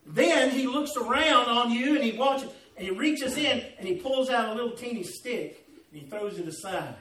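A male pastor giving an animated, storytelling sermon in a church. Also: extremely high pitch, moderate pace, reverberant, far from the mic, low-quality recording.

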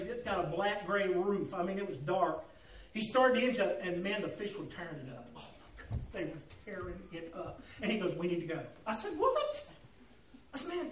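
A man with a notably high voice gives a folksy, humorous sermon story, calling on people in the pews by name. His voice rings through a reverberant sanctuary and sounds set back from the microphone, with a faint hum of room ambience behind him. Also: far from the mic. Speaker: preacher. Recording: echoey room, voice off-mic.

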